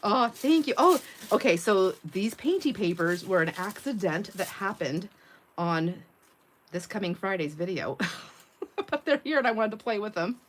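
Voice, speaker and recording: A woman's voice: mid-range voice, expressive, normal speed. A middle-aged woman hosting a craft livestream who tells stories in a casual, chatty way, laughs often and acts out the quotes. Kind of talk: casual chat while crafting.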